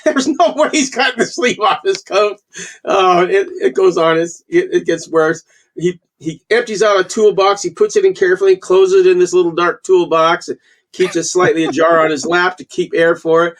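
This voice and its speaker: A man in his sixties from Canada, a guest falconer telling animated stories in a casual interview and acting out the quotes. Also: sits high, normal speed. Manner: animated storyteller, acts out quotes.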